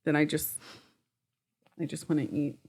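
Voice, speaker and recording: A woman co-hosting a casual chat, expressive and enthusiastic. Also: low-pitched, moderate pace.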